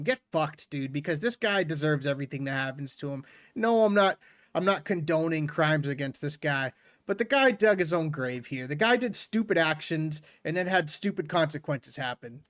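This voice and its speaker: A man's voice: a little high, moderate pace, fairly bright tone, no echo, studio quality. A man giving mocking reaction commentary over a clip, sneering at the person on screen. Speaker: reaction streamer.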